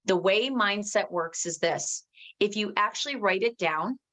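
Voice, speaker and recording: Energetic fast-talking woman coaching her team. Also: mid-range voice. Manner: energetic, emphatic, reads out viewers' comments. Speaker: company executive giving a team training. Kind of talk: motivational training talk.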